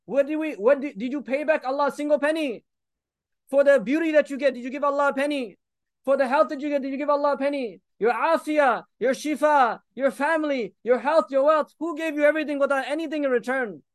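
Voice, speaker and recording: A man in his thirties delivers an impassioned sermon in a strikingly high voice, weaving Arabic phrases through his urgent appeals to the listeners. The recording is dry and close, with no room sound. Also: fairly quick, no room sound. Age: 30s. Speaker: preacher.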